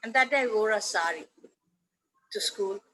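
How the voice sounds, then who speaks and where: A woman's voice: medium pitch, normal speed, slight background noise, poor audio. Chatty Indian woman telling stories. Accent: Indian English. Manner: chatty, animated anecdotes with playful quoted voices. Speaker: veteran teacher, interview guest. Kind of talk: casual storytelling interview.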